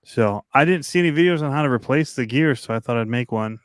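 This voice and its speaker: A man co-hosting a casual livestream chat, calm and easygoing with short replies. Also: medium pitch, fast, clear, resonant tone, no room sound, studio quality. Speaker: co-host.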